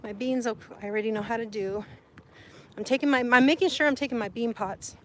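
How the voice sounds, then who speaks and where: Woman from Sonora, Mexico, high voice, livestream chatter, light background hiss. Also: fairly quick, fairly bright tone. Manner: chatty, laughs often, greets viewers, mixes in Spanish words. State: sweaty and hot. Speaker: livestream vlogger. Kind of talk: casual livestream chat.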